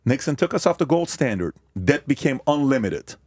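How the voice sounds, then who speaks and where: A man, a podcast guest, arguing politics forcefully with rhetorical questions, recorded on a close studio mic. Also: mid-range voice, big pitch swings, normal speed, dry recording. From United States. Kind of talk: heated political argument.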